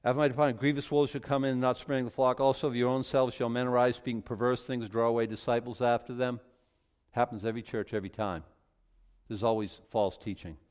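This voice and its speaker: A man's voice: mid-range voice, little pitch movement, fast talker, darkish tone, smooth. A middle-aged man pastor preaching a sermon in a conversational, folksy way, with frequent asides and repeated words.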